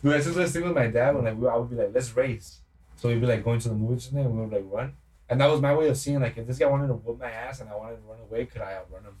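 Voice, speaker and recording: A man's voice: mid-range voice, quick pace, darkish tone. A young man hosting a podcast, telling stories casually, swearing and acting out quotes. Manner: swearing, storytelling with acted-out quotes. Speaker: podcast host. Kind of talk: casual chat. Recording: distant mic with faint noise.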